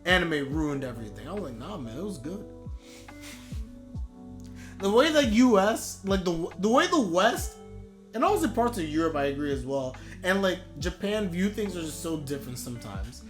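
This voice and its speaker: Excitable man gushing in a live reaction. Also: high voice, moderate pace, soft background music. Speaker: streamer reacting to a manga.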